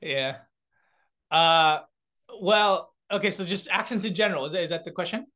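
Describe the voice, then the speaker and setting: With a high-pitched, pushed and bright voice at a moderate pace, a young comedian and beatboxer from South Korea talks casually as an interview guest. His speech rambles with many fillers and restarts, broken up by frequent laughter.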